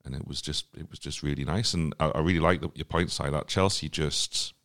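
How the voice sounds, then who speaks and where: A man's voice: extremely low pitch, brisk, a bit bright. A man hosting a football podcast, chatting casually and handing topics over to his co-hosts. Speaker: podcast host.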